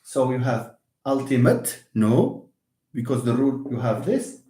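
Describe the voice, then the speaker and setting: A man's voice: mid-range voice, big pitch swings, measured pace, dark tone. A man teaching English word stress in a live online lesson, explaining patiently and repeating example words. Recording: echoey room.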